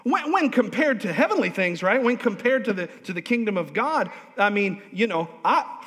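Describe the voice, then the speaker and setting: A male pastor preaching a lively, humorous sermon in a church, drawing responses from the congregation. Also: high-pitched, normal speed. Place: church sanctuary. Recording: long hall reverb.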